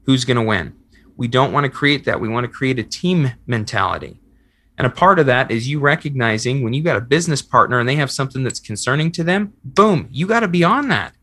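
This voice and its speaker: A man's voice: mid-range voice, lively intonation, brisk, fairly bright tone. A man hosting a podcast, coaching in a conversational way and explaining ideas through examples he acts out. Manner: earnest, explains with acted-out examples. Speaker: podcast host and relationship coach.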